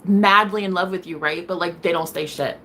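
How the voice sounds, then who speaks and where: A woman talking straight to camera in a casual vlog, sassy and playful, dropping to a hush and then getting loud again. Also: on the low side, a little fast, a little hiss or hum. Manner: sassy, playful, swings between loud and hushed. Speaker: vlogger.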